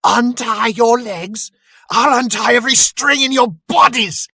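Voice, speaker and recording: A man's voice: lowish voice, big pitch swings, unhurried, a bit bright, dry recording, studio quality, heavily acted. A man reading aloud and voicing a sinister male orc who hisses out his threats. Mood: raging. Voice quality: gravelly, hissing. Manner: silky threats that flare into snarling. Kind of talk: dramatic reading.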